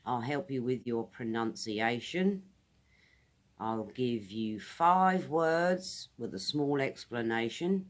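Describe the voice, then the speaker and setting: A woman's voice: extremely low pitch, animated. A British woman giving a casual English vocabulary lesson outdoors, repeating each word carefully for pronunciation. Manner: friendly, repeats words slowly for pronunciation. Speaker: English teacher.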